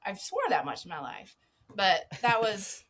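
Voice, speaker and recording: A woman's voice: medium pitch, animated, a little slow, a bit bright, slight background noise. A woman guest on a podcast, a former zookeeper telling a casual anecdote, swearing freely and laughing often.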